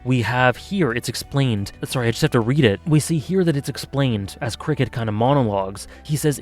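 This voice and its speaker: An earnest man talking through a story in a video review, passionate and heartfelt. His voice sits at an ordinary middle pitch, with faint music underneath. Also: lively intonation, a little fast, few pauses. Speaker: anime reviewer.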